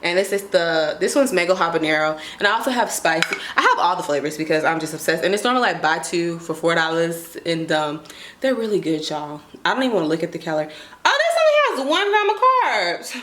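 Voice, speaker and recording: A woman's voice: lowish voice, lively intonation, fast. Chatty young woman in echoey room. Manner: chatty, slangy, talks about herself in third person. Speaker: vlogger. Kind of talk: casual grocery haul chat. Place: apartment kitchen. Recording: echoey room with clear background noise.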